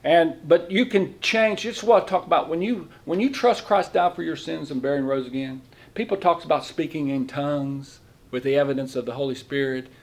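Middle-aged man, lay preacher, folksy sermon delivery, slightly high voice, keeps asking the congregation questions. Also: fairly quick. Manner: folksy, asks the room questions; speaks in plain, informal grammar. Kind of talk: conversational sermon.

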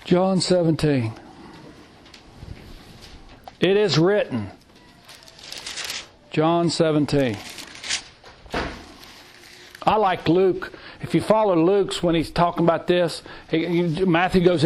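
A man's voice: sits high, measured pace, long pauses. A middle-aged man teaching a Bible class, emphatic and repetitive, reading scripture aloud. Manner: emphatic, repeats phrases, reads scripture aloud. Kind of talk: sermon.

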